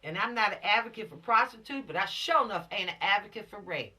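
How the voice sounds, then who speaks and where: A woman's voice: medium pitch, lively intonation, quick pace, pushed and bright, distant mic. A woman teaching a law course to teens, preachy and emphatic, repeating her warnings and dropping into slang. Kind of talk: lecture to teens.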